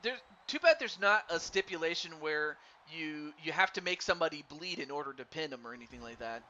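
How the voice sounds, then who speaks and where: A man doing live play-by-play commentary on a wrestling game for a stream, excitable and stumbling over his words while chatting with viewers. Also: fairly high pitch, brisk. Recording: dull lo-fi stream mic with faint noise.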